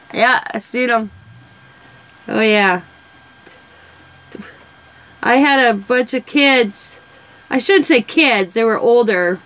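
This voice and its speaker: Chatty woman, higher voice. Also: sharp tone, low-quality recording. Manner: rambling, chatty storyteller. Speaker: craft vlogger. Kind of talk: casual chat while coloring.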